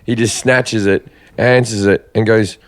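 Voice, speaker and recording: A man's voice: on the low side, fairly even intonation, unhurried. A man, a comedian guest telling stage anecdotes in casual chat, laughing often as he talks. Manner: chatty, laughs often, breaks into quoted voices.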